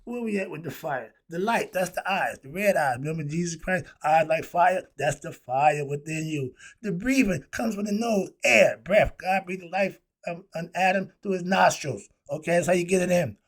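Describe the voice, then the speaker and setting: A man's voice: high-pitched, moderate pace, hardly any pauses. A man teaching philosophy in an informal, preachy way, full of rhetorical questions and asides.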